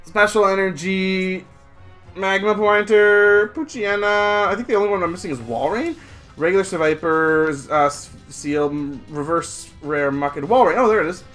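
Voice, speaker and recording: Brief: excitable home YouTuber, mid-pitched, chatty pack-opening commentary over soft music. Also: moderate pace. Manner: excitable, rambling, talks straight to viewers. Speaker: YouTube host opening trading card packs. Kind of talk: casual card-opening commentary. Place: home room, seen on face cam. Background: faint background music.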